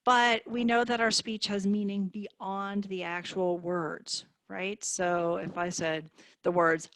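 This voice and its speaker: A woman speech therapist teaching on a video call, in a clear and encouraging manner. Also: mid-range voice, little pitch movement, slow pace, a bit bright, slight background noise. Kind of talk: online therapy demonstration.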